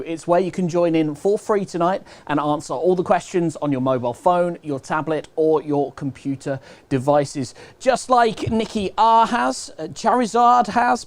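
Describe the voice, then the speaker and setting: A man with a British accent hosting a live online quiz, chatty and upbeat, walking viewers through the rules. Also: high voice. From United Kingdom. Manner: chatty, upbeat, repeats instructions. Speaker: quiz host.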